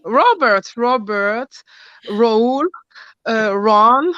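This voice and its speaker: A woman with a French accent, a caller speaking bluntly in casual chat, often pausing to search for English words. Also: fairly high pitch, animated, fairly bright tone, lo-fi sound.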